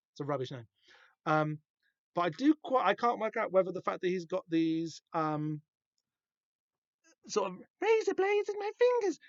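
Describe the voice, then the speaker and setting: A man's voice: on the high side, no room sound, dull audio. A man hosting a podcast, giving casual, rambling and wry comic book commentary that keeps interrupting itself. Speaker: podcast host.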